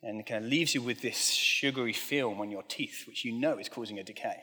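A man's voice: mid-range voice, fairly quick, sharp tone. A preacher man in a reverberant hall. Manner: conversational and self-deprecating, with light humor. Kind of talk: sermon. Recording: long reverb of a large hall.

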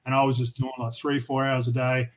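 An Australian man of average pitch talks as a guest on a podcast. He tells loose, rambling stories, swears often and restarts his sentences. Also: completely flat delivery, fairly quick, poor audio. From Tasmania, Australia. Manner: profane, rambling anecdotes with many restarts. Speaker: podcast guest, metal vocalist. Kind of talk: casual storytelling interview.

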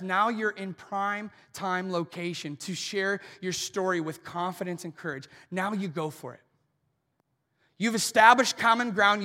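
Bright high-voiced pastor in a reverberant hall. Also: male voice. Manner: animated storytelling, acting out quoted voices. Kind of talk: sermon. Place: church auditorium. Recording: long reverb of a large hall.

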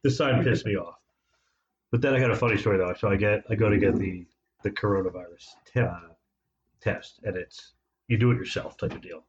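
A man's voice: on the low side, fairly quick. A man co-hosting a casual podcast, telling a long story and mimicking the people in it. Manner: animated storyteller, mimics voices in anecdotes. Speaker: podcast co-host. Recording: echoey room, slightly dull sound, faint noise.

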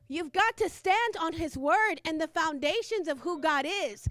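A woman's voice: very high voice, lively intonation, measured pace, fairly bright tone, dry recording. A woman preaching a fervent sermon, repeating phrases and laughing between lines.

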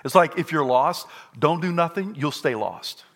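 An older man preaching a sermon, repeating his points and rising to shouted peaks. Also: a little high, animated, normal speed. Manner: repetitive and emphatic. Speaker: pastor.

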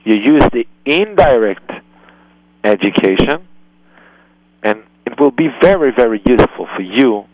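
A man's voice: mid-range voice, no echo, highs cut off. A man hosting a radio advice show, giving earnest, emphatic parenting guidance in slightly non-native English. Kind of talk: call-in advice talk.

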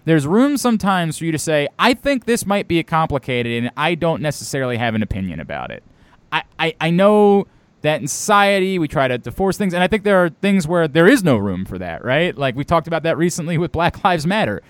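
A man's voice: on the high side, very animated, fairly quick, clean tone, dry recording. A man in his thirties from Baltimore, co-hosting a casual podcast chat, talking bluntly and emphatically with some swearing.

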